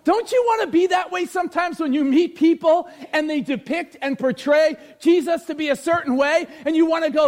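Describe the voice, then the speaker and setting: A male pastor preaching a sermon in church, energetic and joking, with emphatic shouted peaks. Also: extremely high pitch, a little fast, hardly any pauses.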